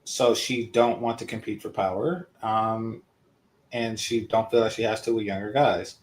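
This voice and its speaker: A man hosting his own channel, giving casual, rambling commentary with many pauses and restarts. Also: on the low side, fairly even intonation. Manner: hesitant, many ums and restarts. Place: indoors in California.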